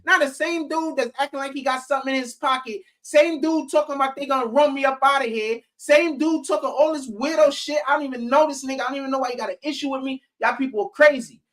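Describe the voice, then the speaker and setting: A woman's voice: high voice, quick pace, hardly any pauses. A woman vlogger telling a long story in a casual, rambling way, full of slang, swearing and "you know what I'm saying" asides.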